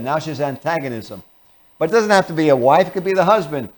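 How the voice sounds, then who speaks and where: Male host, earnest motivational teacher, lively delivery, pitched slightly high. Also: quick pace. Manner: earnest, animated teaching with acted-out examples. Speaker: host and lecturer. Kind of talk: motivational lecture.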